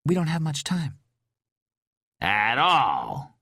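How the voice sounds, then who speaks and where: A man voicing a young female police officer who delivers news briskly and matter-of-factly in an audiobook. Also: mid-range voice, huge pitch swings, creaky, sharp tone, breathy edge, no echo, studio quality, pitched above the performer's own voice, heavily acted.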